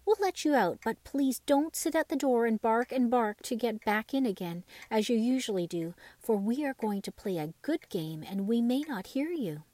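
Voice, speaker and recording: A cheerful boy rag doll, friendly and lively, as a woman reads him in a bedtime story. The voice is high and close, with a dry sound. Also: normal speed, few pauses, no room sound.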